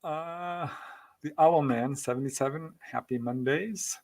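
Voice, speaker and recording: A man's voice: on the high side, measured pace, a little mellow. A man hosting a live-stream show, reading out viewer comments in a chatty, thankful way and laughing between them. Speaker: podcast host.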